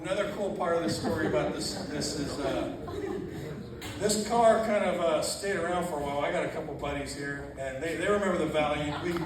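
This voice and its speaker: A man tells animated stories at a memorial reception. He laughs often and acts out quotes in a slightly raised voice. He is recorded from far off in a very echoey church hall, with noticeable noise around him. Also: a little high, brisk. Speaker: funeral reception speaker. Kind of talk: storytelling at a memorial gathering. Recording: very echoey, distant, noisy room.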